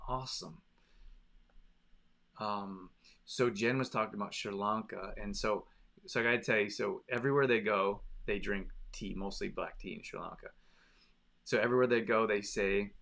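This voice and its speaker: A man's voice: fairly low pitch, creaky, fairly bright tone. Rambling, chatty man hosting a stream. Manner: rambling storyteller, talks straight to viewers. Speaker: live stream host reading viewer comments. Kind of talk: casual chat.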